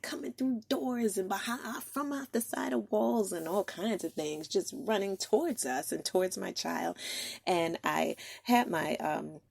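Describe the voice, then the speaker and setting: A woman's voice: lowish voice, vocal fry, darkish tone, slightly rough, dry recording. A woman podcast host telling a personal story in an earnest, heartfelt way, with frequent ums.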